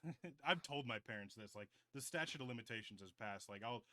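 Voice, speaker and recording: A man's voice: medium pitch, expressive, fairly quick, bright, forceful tone, dry recording. A man in his twenties co-hosting a podcast, telling long rambling stories in casual chat, full of "like" and swearing. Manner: rambling storyteller, heavy "like" filler and swearing. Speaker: podcast host.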